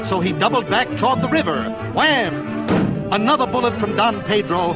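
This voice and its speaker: A man's voice: high-pitched, rough recording. A man narrating a children's storybook in a playful, dramatic read-aloud manner.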